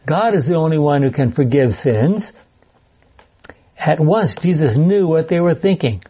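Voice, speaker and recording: A man's voice: on the high side, expressive, unhurried, dark tone, slightly rough, highs cut off. A man leading a Bible study class, chatty and digressive, with laughing asides as he teaches.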